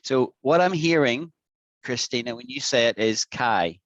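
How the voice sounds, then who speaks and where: A man's voice: mid-range voice, animated, a little slow, fairly bright tone, dry recording, highs cut off. A man with an Irish accent teaching an online English lesson over a video call, patiently repeating words to demonstrate them. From Ireland.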